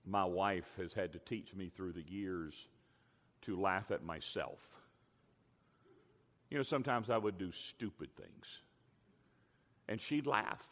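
An older man preaching a sermon as a pastor, emphatic, drawing out key words slowly. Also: sits low, a bit bright. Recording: long hall reverb.

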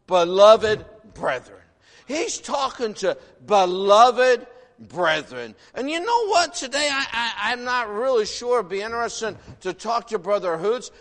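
Man in his sixties, preacher, sermon, high-pitched, folksy, rhetorical questions, long hall reverb. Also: fairly bright tone. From northern United States. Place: church sanctuary.

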